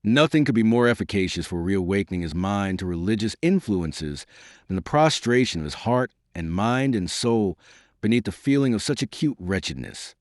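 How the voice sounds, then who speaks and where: A man reads a classic novel aloud as an audiobook narrator, with a measured, dramatic delivery. His voice is low, yet his intonation rises and falls with lively range. The sound is dry and close, without room echo. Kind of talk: scripted narration.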